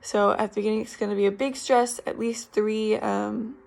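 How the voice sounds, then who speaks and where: A woman's voice: mid-range voice, fairly even intonation, normal speed, creaky, a little mellow. A young woman explaining a therapy method in a recorded class presentation, informal and full of ums. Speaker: speech therapy student.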